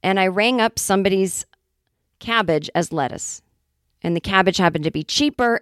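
A woman in her forties hosting a comedy podcast, telling a casual monologue in a chatty, wry way with quick acted-out asides. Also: medium pitch, animated, dry recording, studio quality. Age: 40s. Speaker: podcast host.

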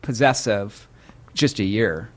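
A man's voice: on the low side, lively intonation, slow, a crowd in the background. Man, late 30s, from the Midwest, casual chat, upbeat, laughs easily. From American Midwest.

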